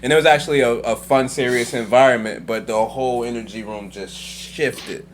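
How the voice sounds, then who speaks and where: Podcast cohost dude, hyped and slangy, mid pitch voice, little hum in the back. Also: male voice, normal speed. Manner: excitable, laughing, slangy storytelling. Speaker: podcast co-host. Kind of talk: casual chat.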